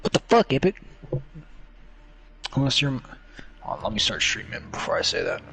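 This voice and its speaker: A young man streaming games and chatting casually, excitable and joking, swinging between whiny pleading and low muttering. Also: moderate pace, gravelly. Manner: excitable, joking, lots of laughter. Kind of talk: casual gaming stream chat.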